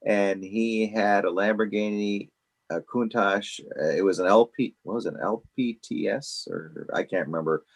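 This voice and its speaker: Animated man telling stories. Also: lowish voice, normal speed. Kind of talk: casual storytelling.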